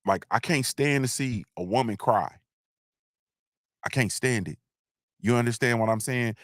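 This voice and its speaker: A male livestream host with a medium-pitched voice talks a little slowly, recorded dry with clean studio sound. His monologue is loose and rambling, repetitive, slangy, and full of restarts.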